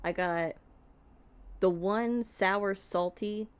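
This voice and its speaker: A woman's voice: mid-range voice, drawn-out words, clean tone. Chatty woman streamer at a desk mic. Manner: chatty, self-deprecating, talks to her cat. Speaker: streamer playing a game. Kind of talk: casual let's-play chat. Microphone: desk microphone.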